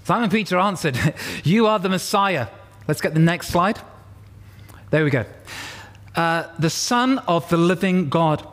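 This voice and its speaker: A man's voice: high-pitched, expressive, unhurried, pauses often, a bit bright. A man preaching a sermon to a congregation, explaining scripture and having the crowd repeat words back to him. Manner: expository, leads congregation call-and-response. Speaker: pastor. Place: church.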